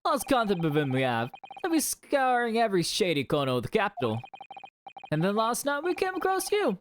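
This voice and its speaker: A streamer voicing a pair of cocky criminal brothers from a game, with slangy, drawn-out speech. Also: medium pitch, wildly swooping pitch, a little hiss or hum, pitched above the performer's own voice. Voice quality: gruff put-on Cockney slang, drawn out. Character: rough lowlife cockney criminal brothers, cocky. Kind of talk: reading game dialogue aloud in voices.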